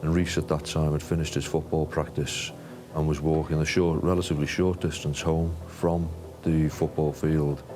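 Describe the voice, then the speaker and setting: A man giving a flat, factual recounting of the evening in a documentary interview. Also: very deep voice, normal speed, soft background music.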